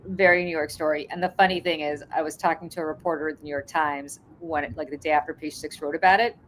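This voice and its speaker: A woman hosting a morning show over a video call, telling a story in lively casual chat and swearing freely. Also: deep voice, fast, a little hiss or hum. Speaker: host.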